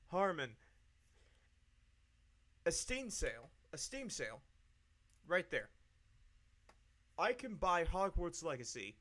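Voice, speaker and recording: A man's voice: a little high, a bit bright. A man streaming live, ranting angrily with heavy swearing and repeating his points. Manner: profane, angry, repeats himself.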